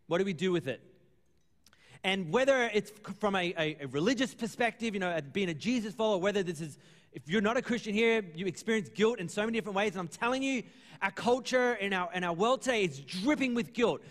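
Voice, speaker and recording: Earnest high-voiced pastor in a hall. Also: male voice, expressive, brisk, a bit bright. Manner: conversational, earnest, acts out dialogue. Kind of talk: sermon.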